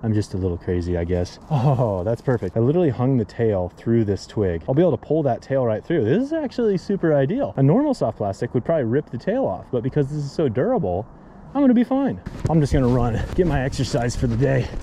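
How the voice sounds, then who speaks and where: A man hosting a fishing vlog, talking in an enthusiastic, excitable way outdoors by a snowy stream. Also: medium pitch, fast talker, few pauses, slight background noise. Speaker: fishing channel host.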